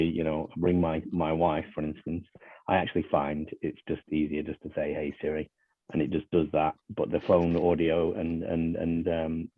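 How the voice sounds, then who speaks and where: A man's voice: extremely low pitch, no room sound. An Australian man in casual panel chat, talking hesitantly with many restarts. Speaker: club member on panel. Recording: tinny phone-like line.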